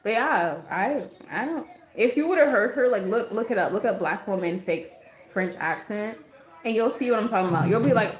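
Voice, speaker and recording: A woman's voice: a little high, big pitch swings, moderate pace. A young woman hosting a livestream, chatting casually with lots of fillers and giggles. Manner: rambling, giggly, many fillers. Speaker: livestream host. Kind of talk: casual chat. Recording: echoey room.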